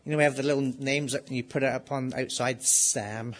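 A man preaching a sermon in an earnest way, asking the listeners rhetorical questions and slowly repeating his key phrases. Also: mid-range voice, level tone.

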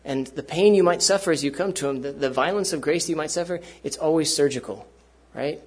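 Husky-voiced man preaching earnestly. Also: on the high side, a little fast. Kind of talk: sermon.

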